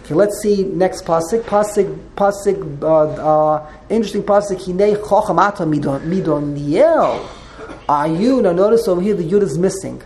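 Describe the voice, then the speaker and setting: Woman teacher, lowish voice, restarts words while lecturing, echoey classroom sound. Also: normal speed, darkish tone, a little hiss or hum. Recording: roomy echo.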